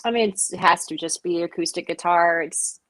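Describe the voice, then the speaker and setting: A woman's voice: fairly low pitch, normal speed, a bit bright. A woman musician being interviewed, chatty and self-deprecating, often restarting her sentences. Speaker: musician guest. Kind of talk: casual interview.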